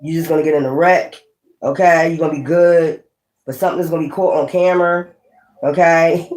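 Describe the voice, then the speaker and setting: A woman's voice: sits low, steady tone, brisk, a little mellow. A woman giving a blunt, chatty tarot reading. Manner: blunt and chatty, with swearing and laughs. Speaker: tarot reader. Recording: echoey room.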